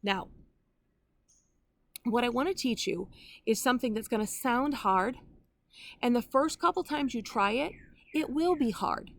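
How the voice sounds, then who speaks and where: A woman's voice: a little high, lively intonation, a little slow, gravelly, long pauses. A woman, a grandmother in her fifties or older, teaching the Bible online in an earnest, conversational way with personal asides.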